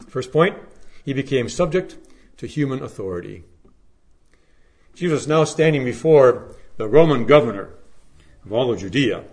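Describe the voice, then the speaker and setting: Scripture reading opens this Good Friday sermon from a male pastor, who then preaches in a sincere, deliberate way, alternating dramatic peaks with hushed moments. He has a mid-range voice.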